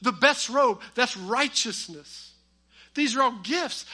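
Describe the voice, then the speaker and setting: A man preaches a sermon and weaves family stories into it with humor. His voice sits high and bright. He pushes hard on key lines, then drops to quiet asides. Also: animated, slow pace. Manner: storytelling with humor, swings between loud emphasis and quiet asides. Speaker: pastor.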